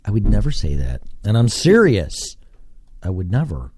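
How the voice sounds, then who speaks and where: A man's voice: fairly low pitch, wildly swooping pitch, moderate pace, dark tone, slight background noise. A man from Texas, hosting a casual solo podcast from his basement and rambling as he thinks aloud, with casual swearing. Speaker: podcast host. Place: home basement.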